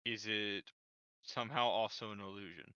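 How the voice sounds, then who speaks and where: A man's voice: lowish voice, fairly even intonation, moderate pace, sharp tone. A man playing a tabletop game, careful and checking the rules. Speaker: player. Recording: dull lo-fi mic.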